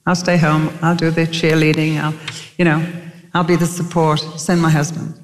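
Animated older woman preaching in a hall. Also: normal speed, a little hiss or hum. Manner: animated storytelling, acting out quotes with lively pitch jumps. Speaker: Bible teacher and speaker. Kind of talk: sermon.

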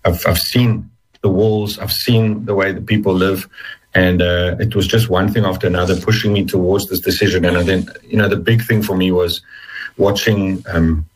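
A man's voice: deep voice, fairly even intonation, normal speed, breathy edge, rough recording. A man telling his personal story as an interview guest, earnest and hesitant, often restarting his sentences. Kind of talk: personal testimony in conversation.

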